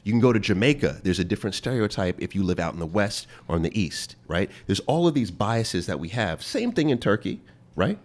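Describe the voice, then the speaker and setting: Deep-voiced male podcast host. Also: big pitch swings. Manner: playful, laughs often, drawn-out emphasis. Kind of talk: casual interview chat.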